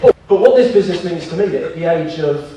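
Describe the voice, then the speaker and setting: A man's voice: fairly high pitch, lively intonation, fast talker, far from the mic, a crowd in the background. A man in his thirties giving a seminar talk as guest speaker, a self-mocking joker who tells funny stories to an audience. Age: 30s. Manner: joking, self-mocking storyteller. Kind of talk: comic business seminar talk. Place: large hall with an audience. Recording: echoey hall, picked up from afar, with noise.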